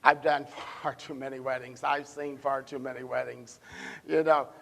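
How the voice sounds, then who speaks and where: A male pastor preaching a sermon in church, emphatic and given to repeating words, swinging between loud stresses and hushed asides. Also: medium pitch, level tone, normal speed, creaky, long reverb tail. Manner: repeats words when building a point. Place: church sanctuary.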